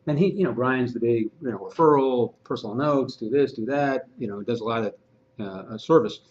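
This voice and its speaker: A man presenting a training session in a casual, animated way, mid-pitched and lively. The recording is a little muffled, with faint room hiss behind him. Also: fairly quick. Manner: animated, conversational, acts out dialogue. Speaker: real estate agent and trainer.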